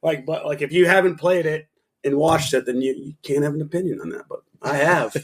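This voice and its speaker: A man co-hosting a casual podcast, swearing freely and talking with excited enthusiasm. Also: on the high side, fairly quick, slightly rough. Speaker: podcast co-host.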